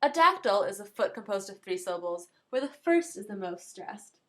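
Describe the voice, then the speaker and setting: A woman's voice: medium pitch, big pitch swings, moderate pace. A young woman giving a plain educational explainer, working through a list of terms and giving an example for each.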